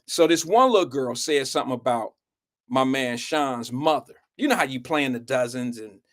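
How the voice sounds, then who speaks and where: A man hosting a live show, telling a story in an animated way, swearing freely and speaking straight to his audience. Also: medium pitch, normal speed. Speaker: show host.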